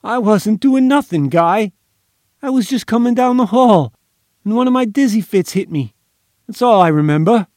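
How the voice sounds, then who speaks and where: A man's voice: a little high, normal speed, few pauses, darkish tone, dry recording, clean studio sound, natural voice. A man voicing a frightened small-time male crook who stammers and whines in an audiobook. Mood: whining fearful. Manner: stammering, whiny, fearful. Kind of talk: audiobook character voice.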